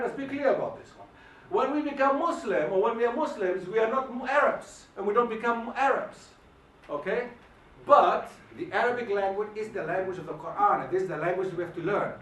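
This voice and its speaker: A man giving an emphatic, animated lecture and firing questions at the audience, recorded in a hall. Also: high voice. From Germany. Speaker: guest lecturer. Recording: echoey hall, mic at a distance.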